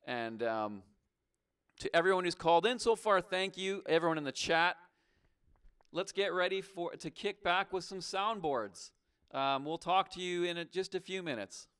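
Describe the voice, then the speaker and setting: Smooth-voiced man hosting a call-in show. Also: high-pitched, moderate pace, fairly bright tone. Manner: teasing, mock-suspicious. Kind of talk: casual call-in banter.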